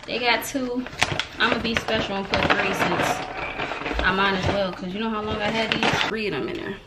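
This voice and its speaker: A woman's voice: mid-range voice, fairly even intonation, moderate pace, very noisy. Playful chatty young woman vlogger. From American South. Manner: playful, chatty, talks to the viewers as friends. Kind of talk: casual chat to camera.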